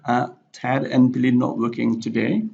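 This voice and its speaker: Gravelly man giving a slide lecture. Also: mid-range voice, little pitch movement, mellow. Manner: halting, with frequent fillers and self-corrections. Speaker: English teacher. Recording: dull lo-fi recording.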